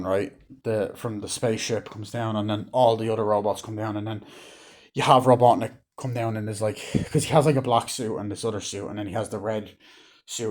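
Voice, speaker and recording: A man's voice: mid-range voice, darkish tone. A man casually reviewing a movie, rambling with lots of fillers and acting out lines from scenes.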